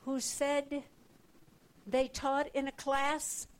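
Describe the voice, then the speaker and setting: A woman teaching from the Bible in a sermon, her voice high and her delivery unhurried. She stresses her points emphatically, building intensity as she speaks. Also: completely flat delivery, low-quality recording. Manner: slow, emphatic preaching with rising urgency.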